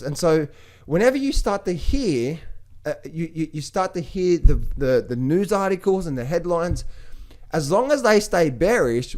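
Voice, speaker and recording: A man talking casually about markets to viewers, animated, repeating words and mimicking other people's voices. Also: a little high. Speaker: trading educator. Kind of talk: casual market commentary to camera.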